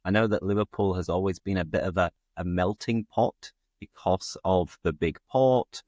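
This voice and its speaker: A man's voice: sits low, normal speed, a little mellow, dry recording, clean studio sound. A British man hosting a casual chat, talking freely with frequent fillers. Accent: British English. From England. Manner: chatty, fillers like "like". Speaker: host, English teacher.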